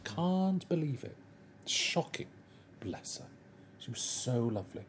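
A man chatting as an interview guest, animated and enthusiastic, with rambling anecdotes. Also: a little high, unhurried, a little hiss or hum. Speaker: guest, television writer. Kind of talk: casual interview chat.

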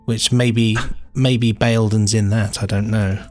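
A man's voice: lowish voice, level tone, slow pace, darkish tone, soft background music. A man co-hosting a podcast in casual chat, telling stories in an enthusiastic, rambling way full of fillers. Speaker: podcast co-host.

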